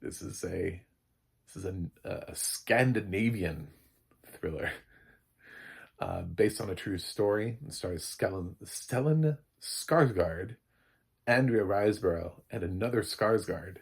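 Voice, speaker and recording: A man's voice: deep voice, takes it slowly, gravelly, breathy edge. A man giving a casual, rambling film review with lots of fillers and amused asides. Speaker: film critic.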